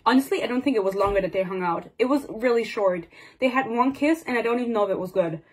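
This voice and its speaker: Husky young woman ranting about a book. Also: fairly high pitch, fast. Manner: exasperated, sarcastic, swears freely; rambling and digressive. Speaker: book reviewer. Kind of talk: casual book rant.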